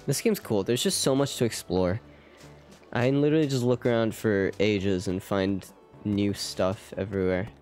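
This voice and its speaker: This is casual live commentary from a young man streaming a game: he rambles, cracks self-deprecating jokes, and chats with his audience. His voice is fairly low and a little mellow, at a normal speed. Faint game music plays behind him.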